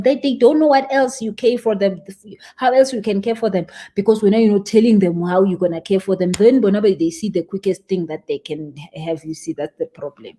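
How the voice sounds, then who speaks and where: A young woman coaching a live-stream audience, animated and emphatic, stressing points by repeating words. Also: on the high side, fairly quick, few pauses. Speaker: spiritual business coach.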